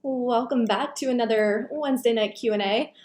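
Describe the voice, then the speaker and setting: A woman hosts a casual live Q&A and chats with viewers by name. Her slightly high voice is going hoarse. It is recorded on a computer microphone in an echoey room. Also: moderate pace, a little mellow. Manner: chatty, greets viewers by name. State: losing her voice. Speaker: live stream host.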